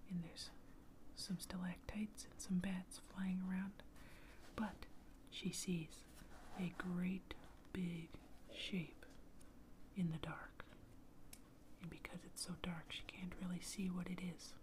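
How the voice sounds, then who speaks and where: A woman telling an improvised bedtime story as whispered role-play, slow and soft. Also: fairly low pitch, level tone, background noise. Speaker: ASMR storyteller.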